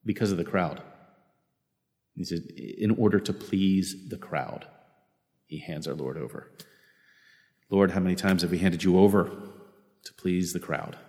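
Male preacher, low voice, earnest sermon delivery with frequent restarts, long church reverb. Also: a little mellow. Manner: earnest, self-correcting with repeated restarts.

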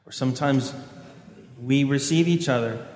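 Male priest, mid-pitched, earnest sermon with restarts, recorded in a reverberant church. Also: normal speed, a little mellow. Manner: earnest, thinking aloud with restarts. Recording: echoey church with long reverb.

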